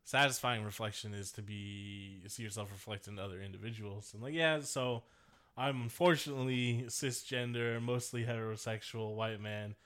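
Smooth-voiced man in rambling podcast chat. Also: on the low side, fairly even intonation, normal speed, a bit bright. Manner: rambling, loose, with lots of fillers and swearing. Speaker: podcast co-host. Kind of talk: casual chat.

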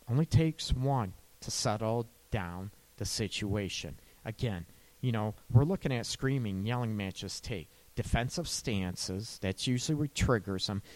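A man's voice: lowish voice, a little mellow. A man who works as a couples therapist, giving relationship advice in a conversational way and often checking in with "right?". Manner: slow, conversational, tags lines with "right?".

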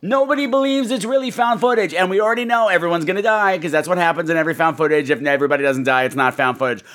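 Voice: mid-range voice, very fast, a bit bright. A podcast host giving a blunt, profane film review, acting out scenes with exaggerated voices. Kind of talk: casual ranting film review.

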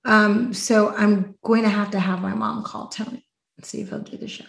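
A woman hosting a podcast, chatting casually and telling stories with lively acted-out quotes. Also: medium pitch, normal speed, vocal fry, reverberant, rough recording. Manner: animated storyteller, acts out quotes. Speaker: podcast host. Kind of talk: casual chat.

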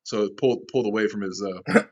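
A man guest in an interview, a bar manager telling a rowdy story, animated, laughing often and swearing freely. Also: lowish voice, fast, lo-fi sound. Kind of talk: casual storytelling.

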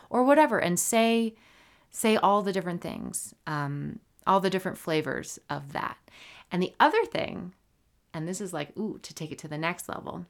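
A woman with a low, deep-set voice hosting a solo podcast in casual talk. She is animated and playful and drops into soft, whispery asides. She often slips into silly voices. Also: normal speed. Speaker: podcast host.

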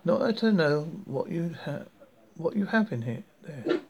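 A greedy, sneering neighbour, voiced by a male narrator, dismissive and mocking in every word. His voice is gravelly and unhurried, sitting slightly high. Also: sing-song, muffled recording. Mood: scornful. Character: greedy, scornful middle-aged man neighbour.

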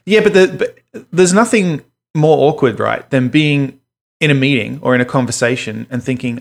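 A man's voice: on the high side, normal speed, fairly bright tone. Chatty swearing podcast co-host man. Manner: chatty, swears casually, explains at length. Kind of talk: casual chat.

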